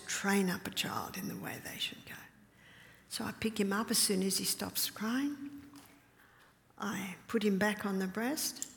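At a health retreat, a woman with a medium-pitched, gravelly voice tells stories to an audience, and a long hall reverb surrounds the sound. A mother of several, she laughs often and lowers her voice to a whisper for emphasis.

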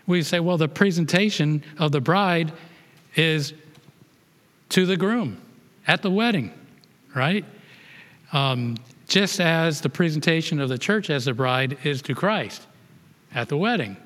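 A man's voice: on the high side, animated, measured pace, long pauses, fairly bright tone. Give me a man leading a Bible lesson, rereading and restarting verses, in a reverberant hall. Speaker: Bible study teacher.

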